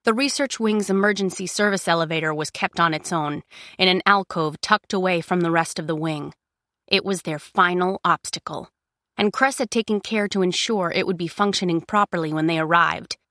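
A woman narrates a novel with measured, expressive pacing. Her voice sits slightly low. The recording is dry and close, with no room sound. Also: no echo. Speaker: audiobook narrator. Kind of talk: scripted narration.

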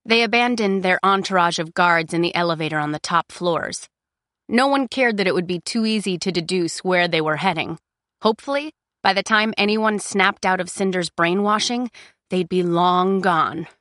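A woman reading an audiobook chapter in a measured, expressive storytelling voice. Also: on the low side, no echo, studio quality. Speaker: audiobook narrator. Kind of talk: scripted narration.

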